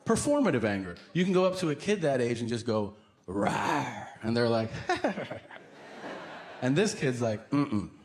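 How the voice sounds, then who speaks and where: Man, thirties, stand-up comic, swooping lively delivery, live club mic with crowd laughter behind. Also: medium pitch, fast, few pauses, slight background noise. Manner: animated storytelling, acts out voices, bursts into yelling. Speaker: stand-up comedian. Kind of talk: stand-up comedy routine. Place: comedy club stage with laughing audience.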